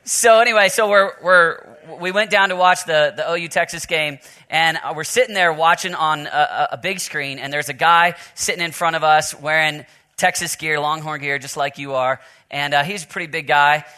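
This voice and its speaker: A man's voice: a little high, fairly even intonation, moderate pace, sharp tone. A man from Oklahoma preaching a sermon at a men's conference, moving from joking stories to earnest prayer and scripture reading. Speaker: pastor.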